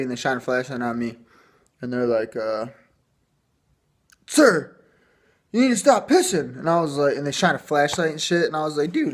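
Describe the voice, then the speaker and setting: A young man from Michigan telling a long story to camera in a casual, rambling, profane way. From Michigan, USA. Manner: profane, rambling, acts out the cops in a higher pitch. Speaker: vlogger.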